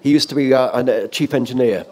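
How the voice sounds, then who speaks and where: Older male former DJ, lively anecdote teller on a panel stage. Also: medium pitch, fairly quick. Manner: animated anecdotal, with laughs and restarts. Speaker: former offshore radio DJ, guest. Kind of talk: storytelling in a panel talk. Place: event stage or hall.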